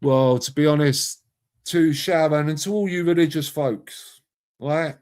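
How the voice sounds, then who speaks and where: A middle-aged man hosts a relaxed live chat and speaks with a fairly high voice. He is matey and swears without holding back, and he calls out his viewers one by one by name. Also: unhurried. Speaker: live stream host reading chat. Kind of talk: casual chat.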